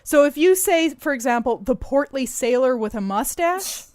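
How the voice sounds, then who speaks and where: A woman's voice: sits high, expressive, moderate pace, darkish tone, dry recording, studio quality. Chatty, self-deprecating woman co-host. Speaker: podcast co-host. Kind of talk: casual advice chat.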